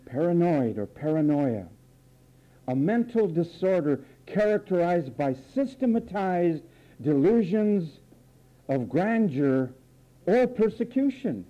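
High-voiced male preacher, theatrical sermon delivery, muffled lo-fi recording. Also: sing-song, slow, warm tone. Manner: theatrical, mocks voices and repeats phrases.

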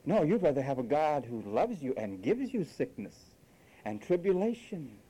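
A man's voice: fairly high pitch, big pitch swings, moderate pace, warm tone, slightly rough, poor audio. A man preaching a sermon, scolding and sarcastic, acting out quoted voices as he goes.

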